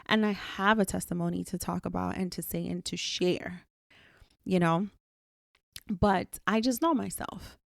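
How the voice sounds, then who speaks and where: Gravelly low-voiced woman podcast host. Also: measured pace, no room sound, clean studio sound. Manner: candid, emphatic, swears freely. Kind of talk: solo podcast monologue.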